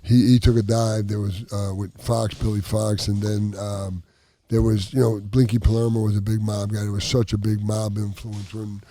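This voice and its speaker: A man, a former boxer, telling rambling, halting stories as a podcast host. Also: lowish voice, level tone, mellow, dry recording. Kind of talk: casual storytelling chat. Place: studio with others at a table.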